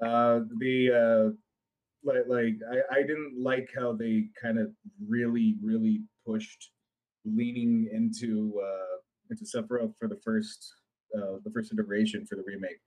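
Rambling, excitable male podcast co-host. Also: lowish voice, a little slow, lo-fi sound. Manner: rambling, excitable, swears casually. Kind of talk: casual podcast chat.

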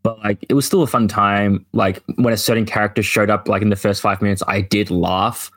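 A man chatting casually on a podcast, laid-back, blunt and quick to laugh. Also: on the low side, fairly even intonation, a bit bright. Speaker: podcast co-host. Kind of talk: casual chat.

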